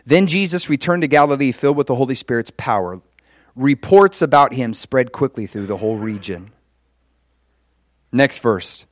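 A man preaching a sermon in a conversational, animated way, often acting out quoted conversations. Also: medium pitch, moderate pace, no room sound, clean studio sound. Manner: acts out quoted conversations in changed voices.

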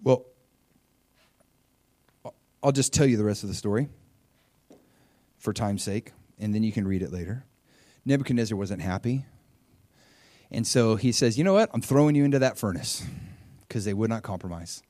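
Animated male pastor preaching, dry sound. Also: moderate pace, pauses often, no echo. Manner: animated storytelling, acting out quotes with big swings in pitch and loudness. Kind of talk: sermon.

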